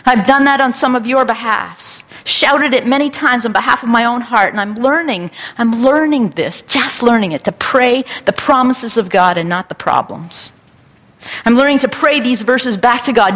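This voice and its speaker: Woman pastor, earnest repetitive preaching, slightly high voice, big reverberant hall. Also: moderate pace, a bit bright. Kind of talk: sermon.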